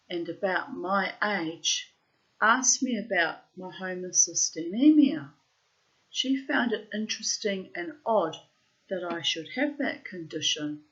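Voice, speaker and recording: A woman's voice: on the low side, fairly bright tone, muffled recording. A woman reading her old diary posts aloud and commenting on them bluntly, with frequent swearing.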